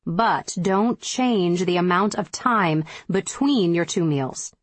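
A woman's voice: lowish voice, lively intonation, slow pace, dry recording. A woman reading her own diet book aloud as a firm, emphatic, motivational audiobook narration.

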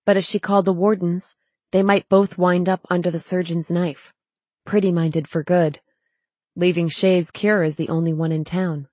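A woman narrating a novel as an audiobook in a measured, steady way. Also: fairly low pitch, no room sound. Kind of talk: scripted narration.

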